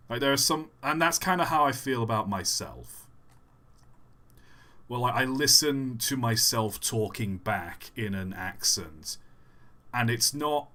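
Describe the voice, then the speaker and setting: Rambling, bright-voiced male streamer. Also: mid-range voice. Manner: rambling, self-deprecating, with many fillers. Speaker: streamer answering chat questions. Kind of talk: casual live-stream chat.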